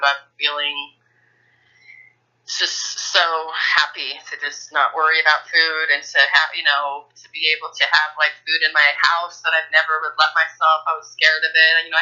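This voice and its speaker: Woman caller, frank and rambling, very bright sharp tone, phone-line sound. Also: deep voice. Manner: rambling, many fillers and restarts, frank. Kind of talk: coaching call.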